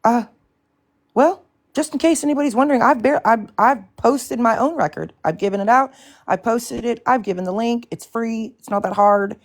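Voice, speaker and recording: A woman's voice: a little high, moderate pace. A woman hosting a live stream in casual chat, ranting bluntly and swearing often in exasperation.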